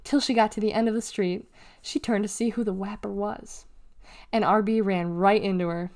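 A woman reads a children's novel aloud at a middle pitch. She lifts her voice for the characters' lines and drops it to a whisper at times. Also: moderate pace. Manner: expressive, acts out dialogue with raised pitch and whispers. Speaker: reader.

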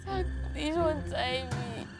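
A woman's voice: sits high, takes it slowly, over loud music. An actress with a Nigerian accent playing a terrified young female captive, crying and pleading to be let go. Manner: pleading desperately.

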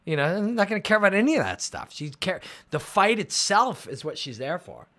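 A man hosting a casual livestream chat about fights, rambling and excitable, with lots of fillers. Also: high voice, a little fast. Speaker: MMA analyst and show host. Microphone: phone and computer livestream.

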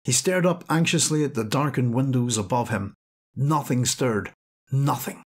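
A man's voice: mid-range voice, moderate pace, slightly rough. A man narrating an audiobook in a dramatic storytelling manner. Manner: dramatic storytelling, acting out cries. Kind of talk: scripted narration.

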